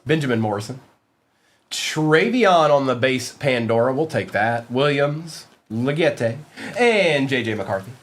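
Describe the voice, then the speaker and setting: A man's voice: mid-range voice, lively intonation, measured pace. Chatty man hosting a card break. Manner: chatty, calls out cards while rambling; joking, playful asides to chat. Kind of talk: live stream card-break chat.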